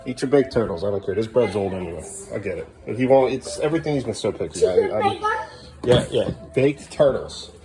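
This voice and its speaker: A man's voice: fairly low pitch, wildly swooping pitch, brisk, loud music behind the voice. A man filming his family at home, talking in a sing-song voice to his kids and muttering weary asides. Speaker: parent vlogger. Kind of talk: casual family vlog.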